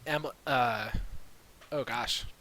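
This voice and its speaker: Laid-back male game master, slow and bright, narrating on a USB call mic. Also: mid-range voice, a little hiss or hum, poor audio. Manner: relaxed, filler-heavy storytelling. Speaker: dungeon master. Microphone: USB mic on a video call.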